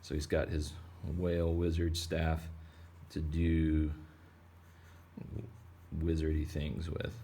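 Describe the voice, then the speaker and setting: A man's voice: rumbling low, completely flat delivery, takes it slowly, long pauses, warm tone, a little hiss or hum. A man teaching kids to draw whales in a rambling, playful way full of jokes. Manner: rambling, playful, joking asides. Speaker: drawing teacher. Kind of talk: casual drawing tutorial for kids.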